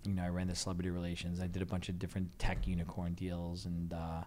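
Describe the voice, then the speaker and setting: A middle-aged man co-hosting a podcast in casual, excitable chat, rambling with lots of fillers. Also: sits low, fast, a little hiss or hum. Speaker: podcast co-host.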